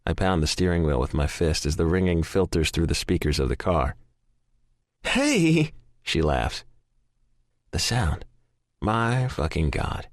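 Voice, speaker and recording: Male audiobook narrator: very deep, expressive, profane first-person romance read, dry studio sound. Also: moderate pace, dry recording. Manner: profane, intense, emotionally charged.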